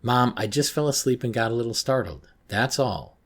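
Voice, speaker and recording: A man's voice: medium pitch, animated, moderate pace, voice pushed up. A man voicing an anxious, sleep-deprived teenage girl who insists she is fine, in a horror story reading. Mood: pleading.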